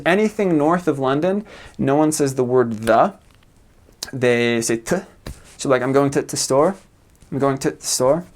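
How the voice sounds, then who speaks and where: A young man from the United States, chatting casually as a vlogger, with loose, rambling talk full of fillers and soft laughs. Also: mid-range voice, clear, resonant tone. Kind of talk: casual chat.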